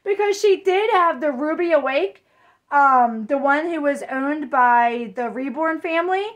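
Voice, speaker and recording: A woman vlogger chatting casually, gushing and rambling with excitement over a new arrival. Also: high-pitched, a little slow. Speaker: reborn doll vlogger. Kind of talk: excited casual vlog chat.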